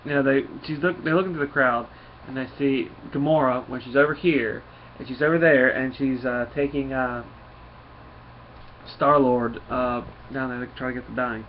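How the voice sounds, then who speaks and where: A man's voice: medium pitch, fairly even intonation, moderate pace, highs cut off, slight background noise. A man giving a casual comic book recap, rambling and full of fillers.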